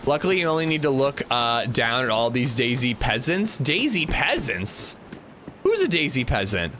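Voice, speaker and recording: Chatty, lively male game streamer. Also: mid-range voice, normal speed, a little hiss or hum. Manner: chatty, greets chat by name, jokey. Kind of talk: casual livestream chat.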